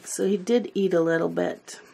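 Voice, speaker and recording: A woman's voice: on the low side, steady tone, moderate pace, gravelly, mellow, breathy edge. A woman telling a rambling family story in casual chat while she colors, sometimes losing her words. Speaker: coloring video host.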